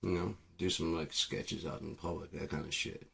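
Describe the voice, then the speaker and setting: Deep, gravelly man rambling casually. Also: flat delivery, moderate pace, bright, forceful tone, a little hiss or hum. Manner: rambling, profane, lots of fillers. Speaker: music producer streaming. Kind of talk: casual chat.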